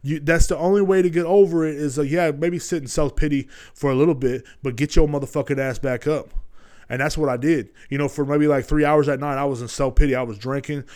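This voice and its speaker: A man's voice: on the high side, fairly even intonation, a little fast, a little mellow, clear, resonant tone. A young man hosting a podcast, giving a profane, rambling motivational monologue, full of swearing and constant "you know what I'm saying". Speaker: podcast host.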